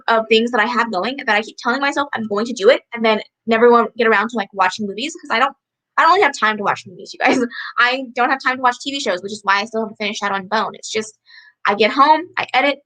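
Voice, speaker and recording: A young woman chatting from home, her voice bright and rather high. She talks in a bubbly, easygoing way, full of "likes" and little laughs, as she answers viewer comments. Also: quick pace, poor audio. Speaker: book vlogger hosting a livestream. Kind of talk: casual chat reading viewer comments.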